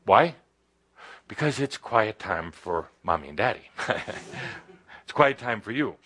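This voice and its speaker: A man giving a channeled spiritual talk to a live audience indoors, halting and full of pauses and fillers, with playful asides. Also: on the low side, very animated, fairly bright tone. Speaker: spiritual teacher channeling a guide.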